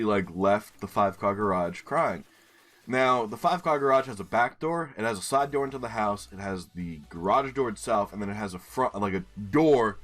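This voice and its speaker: A man in his twenties doing casual gameplay commentary as a streamer, telling a story in an animated way with casual swearing. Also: lowish voice. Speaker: game streamer.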